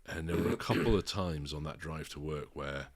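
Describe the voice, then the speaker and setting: A man, a father co-hosting a podcast, talking frankly with swearing and halting restarts. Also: very deep voice. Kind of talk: candid podcast chat.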